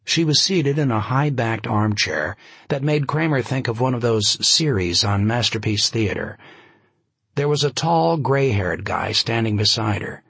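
A man's voice: lowish voice, lively intonation, unhurried, creaky, fairly bright tone, breathy edge, dry recording. A man narrating a novel in a dry, wry storytelling manner. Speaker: audiobook narrator. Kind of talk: scripted narration.

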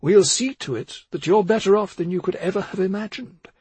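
A man voicing a cold, scheming woman poisoner in an audiobook, speaking in a smooth, coaxing, controlled way with a husky tone, raised above his own pitch. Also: expressive, moderate pace, no room sound, full character voice. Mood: persuasive. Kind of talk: audiobook character voice.

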